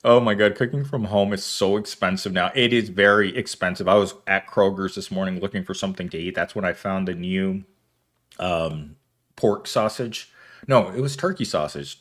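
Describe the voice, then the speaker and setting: A man's voice: deep voice, fairly bright tone. A man, hosting a casual livestream, reading viewer comments aloud and rambling with frequent laughter. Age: 30s. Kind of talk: casual chat.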